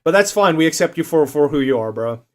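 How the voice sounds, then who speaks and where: A man's voice: on the high side, lively intonation, fast. A young man chatting casually on a livestream, swearing and joking as he reads out quiz options. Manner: profane, jokey, reads quiz options aloud.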